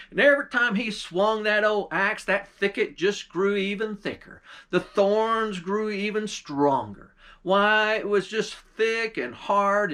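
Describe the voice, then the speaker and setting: A man's voice: high-pitched, sharp tone. Folksy male pastor telling a tale. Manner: folksy, drawling. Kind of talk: folk tale storytelling.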